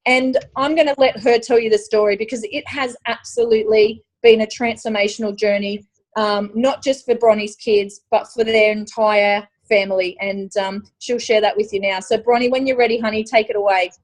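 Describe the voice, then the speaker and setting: A woman's voice: fairly high pitch, steady tone, normal speed. A woman hosting an online event, talking chattily to her audience and tagging her points with "okay?" and endearments like "honey". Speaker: host of an online launch event. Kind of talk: casual presentation to an online group.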